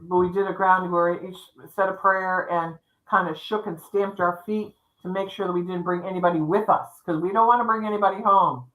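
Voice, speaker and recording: Chatty woman with a bright voice in an echoey room. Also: on the low side, a little fast, few pauses. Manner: chatty, lively, acts out dialogue. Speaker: psychic co-host. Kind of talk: storytelling in casual chat. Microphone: livestream setup.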